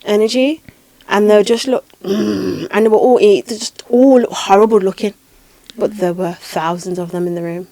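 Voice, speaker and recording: A woman hosting a podcast, telling a spiritual experience in a lively, dramatic way with repeated phrases. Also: medium pitch, normal speed, dry recording. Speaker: podcast host and spiritual healer. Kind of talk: casual podcast storytelling.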